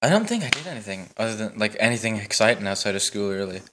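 A man's voice: fairly low pitch, very animated, quick pace, pushed and bright. A teenage man co-hosting a podcast in casual chat, rambling with lots of "like", swearing and giggling. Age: late teens. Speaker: podcast co-host.

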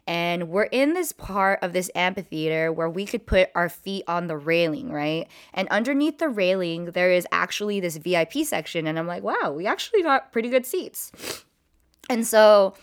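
A young adult woman recounting a wild night out for her viewers. Her telling is animated and chatty, packed with "like" and "you know" as she jumps from one moment to the next. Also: fairly low pitch, normal speed, hardly any pauses, clear, resonant tone. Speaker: vlogger. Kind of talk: casual storytime.

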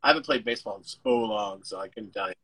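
Guest, male, bright forceful voice, rambly and self-interrupting, remote call. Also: lowish voice, fast, slightly rough, rough recording. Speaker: actor guest. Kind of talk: casual interview chat.

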